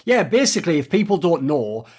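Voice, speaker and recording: Male host, high lively voice, rapid sarcastic profane rant. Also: husky. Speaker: esports commentator and video host. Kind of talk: animated ranting commentary.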